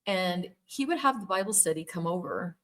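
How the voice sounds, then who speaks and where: Earnest middle-aged woman, slightly low voice. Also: lively intonation, normal speed, fairly bright tone. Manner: earnest, emphatic, repeats words for stress. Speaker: former Jehovah's Witness telling her story. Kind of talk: personal storytelling monologue.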